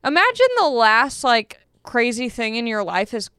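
A woman's voice: on the high side, big pitch swings, moderate pace, pushed and bright, clean tone, no room sound, studio quality. A young woman, a comedian hosting a podcast, telling stories in casual, self-deprecating chat. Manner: chatty, self-deprecating storytelling.

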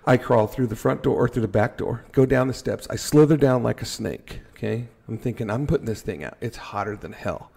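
Man, firefighter telling a story, casual podcast chat, raspy gravelly voice, animated, self-mocking. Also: medium pitch, brisk, few pauses. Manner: animated, acts out his own panicked thoughts, jokes at himself.

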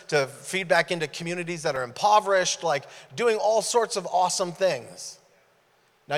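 Guest preacher, male, storyteller who acts out his dialogue, mid-high voice, big reverberant room. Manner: animated, acts out dialogue in stories. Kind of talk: sermon storytelling. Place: church sanctuary. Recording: long hall reverb.

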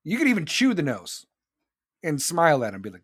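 A man's voice: fairly high pitch, wildly swooping pitch, a little fast, husky. A middle-aged man hosting a podcast, telling stories in a blunt, profane, casual monologue with frequent laughs. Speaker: podcast host.

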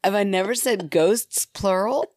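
A woman's voice: mid-range voice, a little slow, a little mellow, no echo, clean studio sound. A woman co-hosting a casual podcast, giggling and tripping over words as she reads aloud. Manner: giggly, stumbles while reading aloud. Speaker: podcast co-host.

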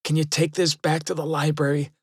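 A man's voice: fairly high pitch, level tone, fairly quick, husky, no echo, clean studio sound. A man voicing a spooked teenage boy in a storybook tale, fed up and uneasy.

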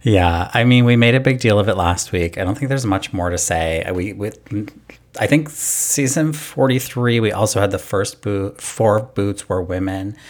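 A man hosting a casual chat podcast, speaking in a measured, explanatory way. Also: fairly low pitch. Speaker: podcast host.

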